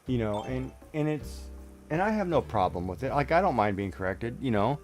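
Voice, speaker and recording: A man's voice: medium pitch, big pitch swings, normal speed, faint music behind. A middle-aged man streaming a game, chatting casually in a rambling way with many restarts and fillers. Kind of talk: casual chat while gaming.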